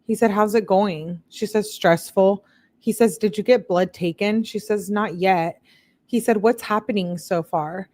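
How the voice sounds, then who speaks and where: A woman hosting a show, reading text messages aloud in a plain, steady way and breaking off for blunt, disbelieving asides to her viewers. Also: mid-range voice, unhurried. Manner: reads chat comments aloud to viewers. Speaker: channel host.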